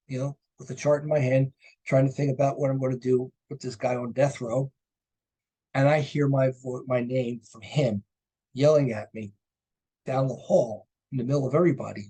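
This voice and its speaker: A man's voice: medium pitch, dark tone, husky. A middle-aged man giving a recorded college lecture, conversational and anecdotal, often tossing in "right?" and "you know".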